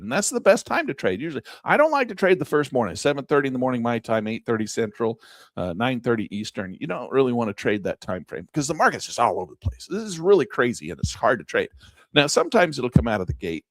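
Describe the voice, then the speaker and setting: A man teaching day trading over a chart in a folksy, excitable way, with a dry close mic. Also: medium pitch, fast talker, no room sound. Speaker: trading instructor. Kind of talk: screen-share trading lesson.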